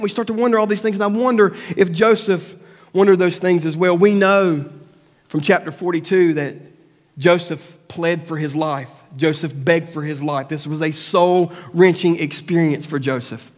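A man with a high-pitched voice preaches a lively sermon in a church sanctuary, the sound trailing off in a long hall reverb. He acts out the voices of doubt and prayer, then goes soft and low for serious points. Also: moderate pace. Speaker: pastor.

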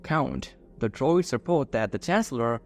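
A man's voice: medium pitch, animated, unhurried, darkish tone, faint music behind. A man doing a mechanical cyborg general. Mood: uncertain report. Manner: urgent reporting.

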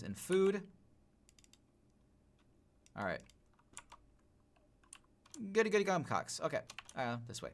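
A man streaming gameplay live, talking to himself in an excitable, jokey way with sudden yelps and swearing. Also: fairly low pitch, a little hiss or hum. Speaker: gaming streamer.

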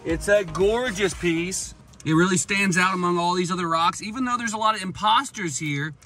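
A man's voice: sits high, moderate pace, recorded from a distance, loud music behind the voice. A man on a rocky ocean beach, talking plainly and easily about what he has found. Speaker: rockhounding partner. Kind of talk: casual off-camera talk.

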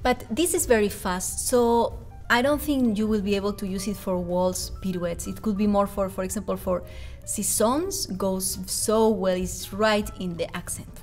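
A woman's voice: medium pitch, normal speed, darkish tone. A woman from Spain with a Spanish accent, explaining and counting rhythms as a ballet class pianist in a music tutorial.

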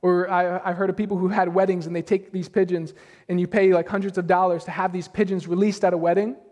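A man with a high voice preaching a sermon with lots of energy, asking his congregation rhetorical questions. His voice carries a long hall reverb, as from a church sanctuary. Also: level tone, quick pace, darkish tone. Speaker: pastor.

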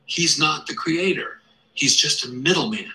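A man's voice: fairly high pitch, expressive, moderate pace, pushed and bright, roomy sound, poor audio. A man giving scripted video narration, explaining step by step with rhetorical questions.

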